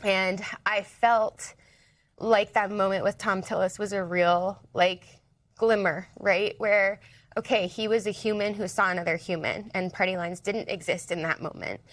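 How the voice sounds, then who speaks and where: A woman speaking as a guest in a live news interview, close to tears, talking in an earnest, halting way with many restarts. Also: medium pitch, steady tone. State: emotional, near tears.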